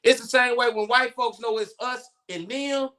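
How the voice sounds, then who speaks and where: Male co-host, high and bright, blunt, profane storyteller in casual podcast chat. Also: normal speed.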